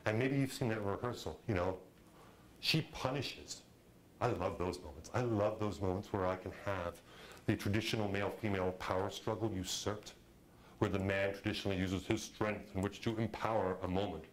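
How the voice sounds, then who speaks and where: Animated man lecturing on directing. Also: fairly low pitch, moderate pace, a little hiss or hum, rough recording. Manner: animated, conversational, acts out quotes. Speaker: film directing instructor. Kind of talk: lecture to a class.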